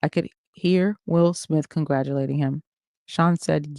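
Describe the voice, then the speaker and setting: Livestream book reader; mellow, dry close mic, first-person memoir narration. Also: medium pitch, steady tone, a little slow, gravelly, no echo. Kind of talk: reading a memoir aloud.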